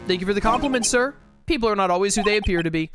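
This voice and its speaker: A woman's voice: medium pitch, expressive, rapid-fire, lightly acted. A woman voicing a formal, deferential male butler who speaks stiffly. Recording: game music underneath.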